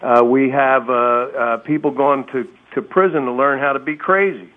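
A man's voice: mid-range voice, moderate pace. Hesitant man calling in on a tinny phone line. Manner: hesitant, stammering, folksy. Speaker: radio caller. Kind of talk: phone-in call.

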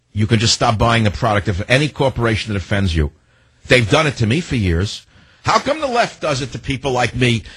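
A man's voice: mid-range voice, fairly bright tone, breathy edge, no echo. A man hosting a talk radio show, delivering a combative monologue full of rhetorical questions into a studio microphone.

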